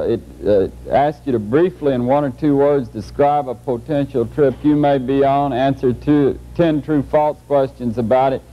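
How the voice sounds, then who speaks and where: A middle-aged man, giving a folksy, joking lecture to a large audience. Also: mid-range voice. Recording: muffled old 1981 videotape.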